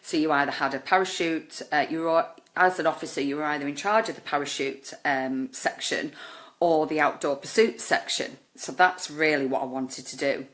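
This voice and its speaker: Low-pitched woman, life coach, earnest and emotional storytelling. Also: normal speed. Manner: earnest, emotional, many fillers and "oh my goodness". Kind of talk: personal storytelling.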